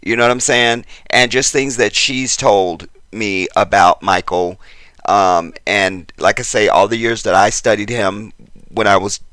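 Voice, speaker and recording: A man's voice: lowish voice, unhurried, fairly bright tone, smooth, no room sound. A man hosting a casual commentary video, talking straight to his viewers and getting worked up as he repeats himself. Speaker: channel host.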